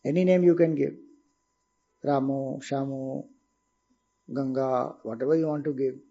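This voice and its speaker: This Indian-accented spiritual teacher has a warm, medium-pitched voice with vocal fry, keeping a steady tone and measured pace on a muffled recording. His discourse is explanatory and patient, punctuated by rhetorical questions to the audience.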